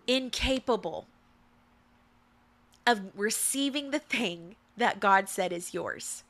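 A woman's voice: medium pitch, animated, takes it slowly, long pauses, a bit bright. A woman hosting a faith-based motivational talk, speaking in an emphatic, repetitive, preacherly way. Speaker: podcast host.

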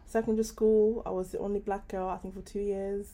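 Relaxed woman co-host, average pitch, easy storytelling in casual chat. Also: brisk. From Italy and Ireland. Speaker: podcast co-host.

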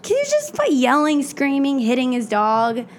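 A young woman, an actor guest, telling stories in casual chat, lively and laughing often. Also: sits high, moderate pace, noisy background. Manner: animated, laughs often, acts out voices.

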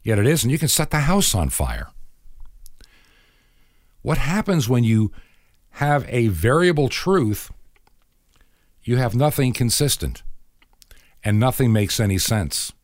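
A man's voice: mid-range voice, sing-song, slow, long pauses, no room sound, studio quality. A middle-aged man hosting a radio program, delivering an earnest, moralizing monologue and acting out bits of conversation. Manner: earnest, moralizing, acts out dialogue in quotes. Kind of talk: preaching talk-show monologue.

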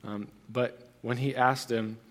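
A man's voice: mid-range voice, fairly even intonation, slow. A young man preaching a sermon as pastor, earnest and conversational, with frequent restarts and fillers.

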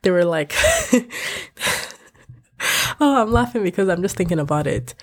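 A young woman from West Africa hosting a podcast, talking candidly in an animated, ranting way. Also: fairly low pitch, quick pace. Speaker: podcast host. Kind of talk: casual podcast rant. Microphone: podcast microphone.

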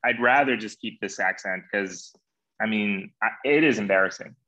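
A man's voice: lowish voice, normal speed, sharp tone. A man co-hosting a podcast, teasing dryly in casual comedy banter. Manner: dry, teasing. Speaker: podcast co-host.

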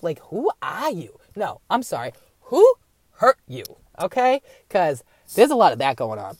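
Profane, animated woman ranting late at night. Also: rumbling low, normal speed, dry recording. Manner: profane, rambling, wry asides; acts out others in mocking voices. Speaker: podcast host. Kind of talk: late-night rambling rant.

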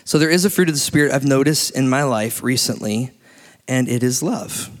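A man in his late thirties preaching a sermon in a church, telling stories with lively energy and laughing often. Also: mid-range voice, moderate pace. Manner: animated storytelling, laughs often. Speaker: pastor. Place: church hall. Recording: long hall reverb.

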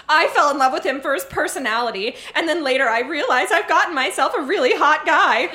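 A woman stands at a stage mic reading her teenage diary to a live audience. Her voice is bright and sits a little high, and she leans into the melodrama with gushing, comic timing. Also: a little hiss or hum. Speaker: live show reader. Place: stage before a laughing audience.

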